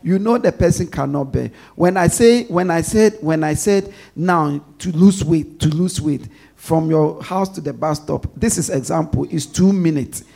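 Man preaching, call-and-response sermon, emphatic, fairly high-pitched, lets the congregation finish his lines. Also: normal speed, vocal fry. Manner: emphatic, swings between loud stresses and soft asides.

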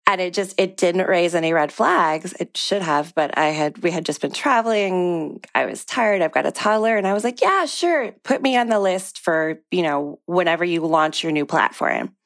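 Low-voiced woman telling her story. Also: normal speed, few pauses, a bit bright, no room sound. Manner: conversational, acts out quoted people. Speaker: guest. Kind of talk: interview telling a personal story.

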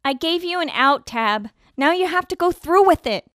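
A woman's voice: very high-pitched, normal speed, no echo, clean studio sound. A woman voicing an eager, theatrical young female band leader in an amateur audio drama. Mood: bossy. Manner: theatrical, excitable.

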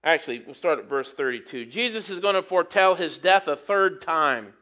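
A man's voice: fairly high pitch, animated, moderate pace, sharp tone. A man preaching a casual sermon, folksy and conversational, with playful asides. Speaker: preacher teaching from the Bible.

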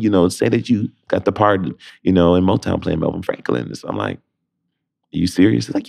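Deep-voiced man telling animated stories. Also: brisk, vocal fry. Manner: animated, acts out voices in anecdotes. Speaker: interview guest. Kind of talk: casual storytelling.

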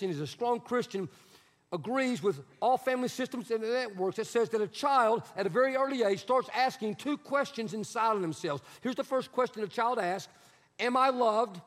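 A man's voice: high voice, normal speed. A man pastor preaching a sermon in a church sanctuary, conversational and emphatic, repeating his key phrases. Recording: long hall reverb.

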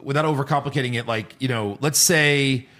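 A middle-aged man co-hosting a casual chat, animated and quick to act out lines in funny voices. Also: mid-range voice.

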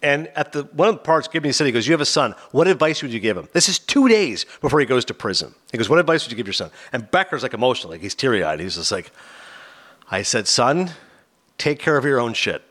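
A man hosting a talk show, retelling a documentary in a casual, animated way and slipping into quoted voices. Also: mid-range voice, fast talker, hardly any pauses. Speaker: host.

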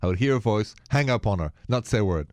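A man from France with a French accent co-hosting a dating talk radio show, easygoing and quick to laugh along. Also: on the low side, lively intonation, darkish tone, no echo, clean studio sound. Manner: easygoing, laughs along, short agreeing replies. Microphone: studio microphone.

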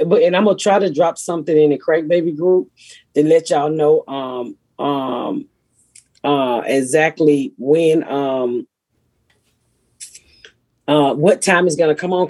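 A raspy middle-aged woman, a comedian hosting a podcast and telling blunt, profane stories. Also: low-pitched, normal speed, dark tone, dry recording. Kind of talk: casual podcast chat.

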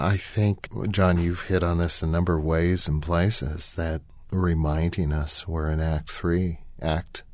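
Man with a very deep voice, thoughtful. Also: a little mellow, dry recording. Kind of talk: conversational Christian discussion.

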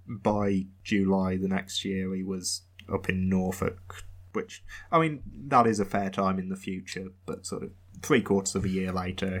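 A low-pitched man recounting history on a podcast. He rambles a little and drops in dry, wry asides. His delivery is loose, casual storytelling. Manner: rambling, wry, with frequent fillers.

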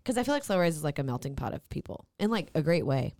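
A woman's voice: low-pitched, very animated, darkish tone, no echo, studio quality. A woman hosting a casual podcast, asking curious follow-up questions. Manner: curious, quick to laugh, asks follow-ups. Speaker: podcast host.

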